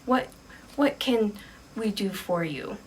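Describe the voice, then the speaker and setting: A woman's voice: mid-range voice, expressive, slow, recorded from a distance, a little hiss or hum. A woman voicing an eager, cheerful young woman hiker who speaks in a bubbly, polite manner.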